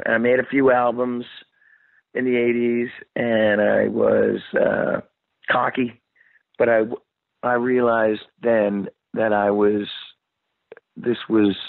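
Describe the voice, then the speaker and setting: A lowish-voiced man in his sixties, a rock singer, spins a rambling, profane story and slips into the voices of the people he quotes. The sound is dry and narrow, like a phone line. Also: little pitch movement, takes it slowly, gravelly, pauses often, no echo. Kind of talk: casual storytelling interview.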